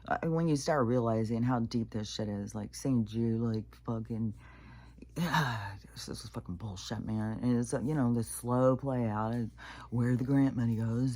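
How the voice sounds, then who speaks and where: A woman vlogging a casual, profane rant, often pausing to clear her throat. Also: rumbling low, dark tone, dry recording. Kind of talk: casual venting monologue.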